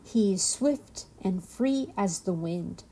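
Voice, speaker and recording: Storybook role: woman reading as a gentle ancient turtle, husky, unhurried. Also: mid-range voice, animated. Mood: serene. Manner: slow, soft and measured. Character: wise old female turtle, calm and gentle.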